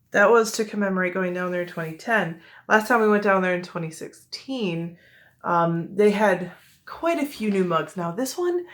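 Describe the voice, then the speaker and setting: A young woman with a Midwestern accent, chatting casually and rambling with many fillers and self-corrections as she shows off her collection. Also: on the low side. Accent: American Midwest. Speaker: collector showing her mugs. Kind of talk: casual show-and-tell chat.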